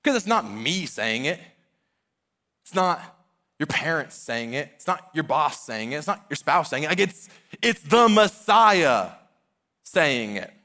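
A man's voice: a little high, very animated, a little slow, sharp tone. A man in his thirties preaching a sermon, earnest and conversational, often using casual fillers. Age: 30s. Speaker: pastor.

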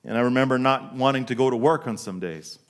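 Man preaching a sermon, mid pitch. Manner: storytelling, asks the congregation questions, slows for emphasis. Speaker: pastor.

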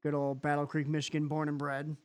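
A man's voice: a little high, monotone, brisk, clean tone. A man hosting a podcast, chatting casually and animatedly with plenty of fillers. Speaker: podcast host.

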